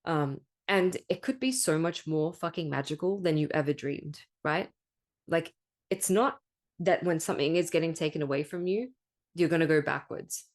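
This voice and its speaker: A woman with a low, deep-set voice talks through a spiritual podcast monologue. She is candid and emphatic, swears freely, and keeps checking in with a rhetorical "right?". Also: normal speed, darkish tone. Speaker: podcast host.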